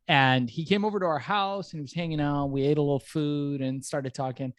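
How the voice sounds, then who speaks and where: A man's voice: fairly high pitch, brisk, dry recording. Upbeat male podcast host, dry close sound. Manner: upbeat, laughing, animated storyteller. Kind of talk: casual podcast chat and sponsor read.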